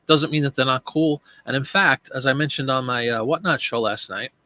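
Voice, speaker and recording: A man at an ordinary middle pitch hosts a relaxed live stream, chatting as he works through tasks. He talks aloud through each step and greets viewers by name. His voice sits close and dry, with almost no room sound. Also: a little fast, no echo. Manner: chatty, thinks aloud while working, addresses viewers by name. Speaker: live-stream host and online seller. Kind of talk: casual live-stream chat.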